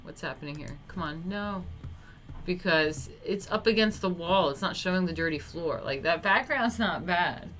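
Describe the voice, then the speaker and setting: A woman's voice: on the low side, moderate pace, fairly bright tone, a little hiss or hum. A woman streamer giving casual, joking reaction commentary, swearing freely and laughing often.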